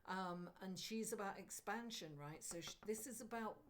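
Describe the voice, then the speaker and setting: A middle-aged woman reads tarot cards live and talks straight to her viewers in a chatty, animated way. Her voice sits in the middle range. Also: medium pitch, normal speed, a little hiss or hum. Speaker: astrologer and tarot reader.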